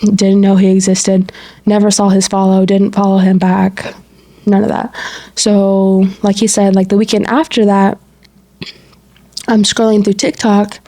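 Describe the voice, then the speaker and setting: A woman co-hosting a podcast, casually telling a story and acting out quoted dialogue, full of "like" fillers. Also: mid-range voice. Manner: animated retelling with quoted dialogue and frequent "like". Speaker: podcast co-host.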